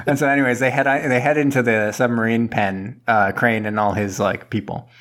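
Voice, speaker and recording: A man chatting loosely as a podcast co-host, retelling an action movie scene by scene. He rambles, restarts and flips into quick voices for the characters. His voice sits at an ordinary middle pitch. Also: fairly even intonation, fairly bright tone. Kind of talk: casual movie recap chat.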